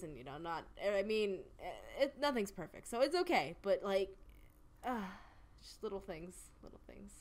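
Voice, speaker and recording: A woman commenting on her gameplay, profane and excitable, with loud exclamatory reactions. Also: mid-range voice. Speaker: let's play gamer.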